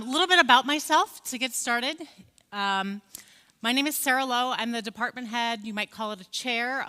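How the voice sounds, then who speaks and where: Bright-voiced American woman giving a keynote. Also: a little high, long reverb tail. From Scotland. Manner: friendly, conversational, many fillers and restarts. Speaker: keynote speaker. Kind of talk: conference keynote lecture. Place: large conference hall.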